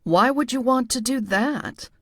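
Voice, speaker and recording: A woman narrator voicing a blunt, bossy man with a theatrical, cutting way of talking, a bit lower than her own voice. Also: measured pace, a bit bright, dry recording, clean studio sound. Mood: sassy, blunt. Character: blunt, sassy man, bossy fashion critic.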